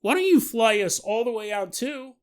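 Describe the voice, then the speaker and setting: A man hosting a podcast, telling a story in a chatty, animated way with laughs and asides. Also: very high-pitched, normal speed, clean tone. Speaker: podcast host. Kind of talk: casual storytelling monologue.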